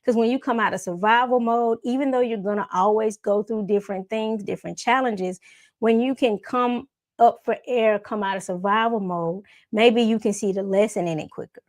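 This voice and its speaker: A woman tells a personal story of faith to her viewers in a loose, conversational flow. She is animated, drops in folksy asides and laughs often. Her voice sits at a middle pitch, recorded in a dry, close sound. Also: normal speed, no echo. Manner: laughs often while talking. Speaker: faith and self-development vlogger. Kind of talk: casual storytelling to camera.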